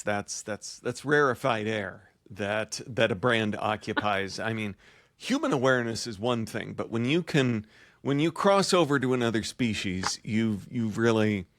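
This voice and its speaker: A man's voice: fairly low pitch, moderate pace, fairly bright tone, no echo, studio quality. A man hosting a podcast interview, asking questions in an enthusiastic, conversational way. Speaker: podcast host.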